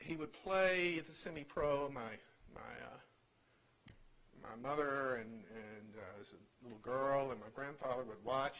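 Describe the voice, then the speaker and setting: An older man delivers a funeral eulogy for his mother in a room at a service, halting and repeating words, with gentle humor. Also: medium pitch, highs cut off. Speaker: son giving a eulogy.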